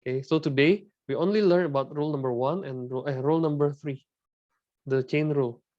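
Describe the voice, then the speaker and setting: A man's voice: on the high side, brisk, a little mellow, highs cut off. A man with an Indonesian accent teaching a math lesson, explaining step by step and often checking with "right?". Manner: switches between English and Indonesian.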